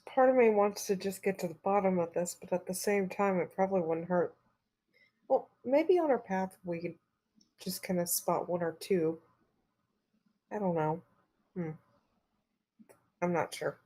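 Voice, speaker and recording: A woman's voice: fairly low pitch, animated, measured pace, pauses often, dark tone. A woman playing a tabletop game, hesitant and wary, often murmuring as she thinks. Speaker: player. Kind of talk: casual tabletop game chat.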